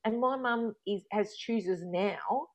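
A woman, chatting casually as she tells a long personal story, rambling and growing animated when she recounts arguments. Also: medium pitch, slow. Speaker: guest telling a life story. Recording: dull lo-fi recording.

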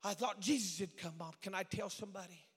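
A man's voice: sits high, fast, breathy edge. A male evangelist from Oklahoma preaching a sermon, telling stories dramatically and dropping to whispers for emphasis. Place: church sanctuary. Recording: long church hall reverb.

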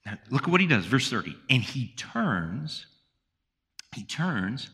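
A man's voice: mid-range voice, very animated, measured pace, bright, forceful tone, husky. A male pastor preaching a sermon with emphatic delivery, sometimes acting out the people in his story. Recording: long hall reverb.

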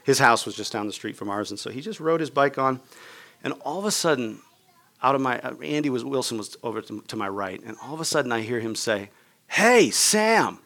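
A man's voice: mid-range voice, fast talker, pushed and bright. A man preaching a sermon, telling a personal story in a casual, conversational way and acting out the people in it. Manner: conversational, many "like" and "right?" asides. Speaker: pastor.

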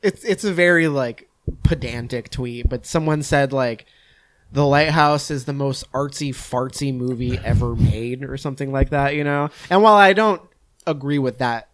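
A man's voice: medium pitch, moderate pace. Rambling, casual man talking films. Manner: rambling, filler-heavy, swears casually. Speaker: podcast host discussing films. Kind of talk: casual chat.

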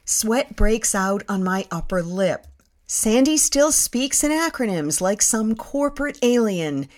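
A woman in her fifties, hosting a podcast and reading a personal essay aloud in a wry, self-mocking storytelling manner. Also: mid-range voice. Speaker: podcast host and narrator.

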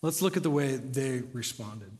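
A man's voice: medium pitch, lively intonation, normal speed, darkish tone. A young American man preaching a sermon, chatting casually and then rising to passionate emphasis. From United States. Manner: conversational, builds to passionate emphasis. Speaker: pastor. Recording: long hall reverb.

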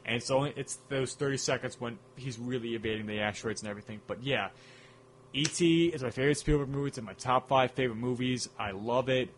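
A man's voice: medium pitch, quick pace, a little hiss or hum. A man co-hosting a casual film chat, rambling enthusiastically and humming music cues. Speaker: podcast co-host.

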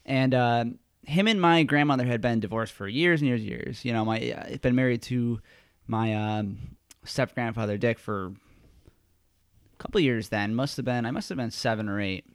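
A man's voice: mid-range voice, moderate pace, clean tone, no room sound, clean studio sound. A man telling a family story in casual podcast chat, rambling with plenty of fillers. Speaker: podcast host.

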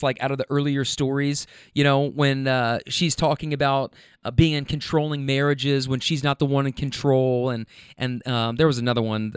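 A man's voice: medium pitch, clean tone, dry recording, clean studio sound. A young man hosting a podcast, telling stories in a rambling, profane, casual way and often checking in with listeners with "okay?" and "right?". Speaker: podcast host. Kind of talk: casual storytelling.

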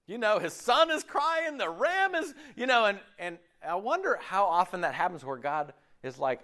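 A man preaching a sermon in an animated way, checking in with his listeners often. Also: high-pitched, normal speed, few pauses. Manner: animated, acts out quoted voices, checks in with "right?" and "okay?".

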